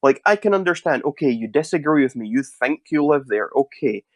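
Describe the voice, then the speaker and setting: Deadpan mock-serious man, dry close sound. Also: mid-range voice, brisk, dry recording. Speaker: interviewee. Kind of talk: deadpan satirical interview answers.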